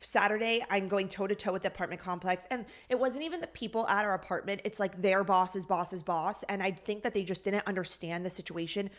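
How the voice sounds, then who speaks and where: A woman co-hosting a casual podcast, recounting a frustrating day in an animated, exasperated voice. Her pitch sits mid-range for a woman. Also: brisk, hardly any pauses. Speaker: podcast co-host. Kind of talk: casual storytelling chat.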